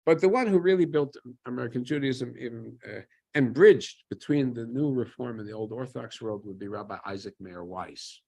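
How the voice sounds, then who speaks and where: A man's voice: medium pitch, normal speed, gravelly, mellow, breathy edge. A man giving an informal history lecture in a conversational way, asking himself questions and answering them with dry humor.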